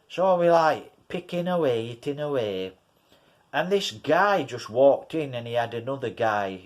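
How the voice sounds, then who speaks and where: English man, slow rambling vlog storyteller, repeats himself, mid pitch. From England. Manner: rambling, repeats himself, addresses viewers as guys. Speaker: vlogger. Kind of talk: casual storytelling to camera.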